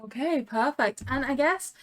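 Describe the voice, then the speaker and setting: Higher-pitched woman recapping on a podcast. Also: moderate pace, fairly bright tone. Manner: laughs easily, recaps plot chattily. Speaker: podcast co-host. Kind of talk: casual review chat.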